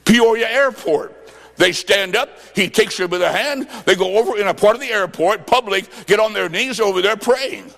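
A man preaching a sermon, telling stories and acting out both sides of a conversation, jokey and emphatic, swinging between loud and soft. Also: high-pitched, normal speed, gravelly, long reverb tail.

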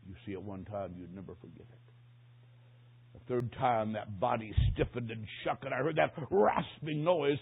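Husky preacher man, tinny sound. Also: mid-range voice, normal speed. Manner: dramatic storytelling, swings from hushed to shouting. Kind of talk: sermon. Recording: tinny, phone-like recording.

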